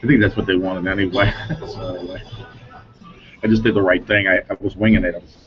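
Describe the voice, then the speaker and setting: A man's voice: deep voice, level tone, fast. A middle-aged man from Denver telling stories in a rambling, casual way as an interviewee, often chuckling and trailing off mid-sentence. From Denver, Colorado. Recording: dull lo-fi recording with music.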